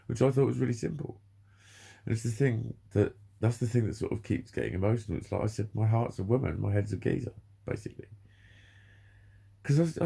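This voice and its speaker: A man's voice: fairly low pitch, vocal fry, warm tone, husky. A man in his forties talking candidly and emotionally to camera, swearing heavily in a confessional monologue. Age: 40s. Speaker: vlogger.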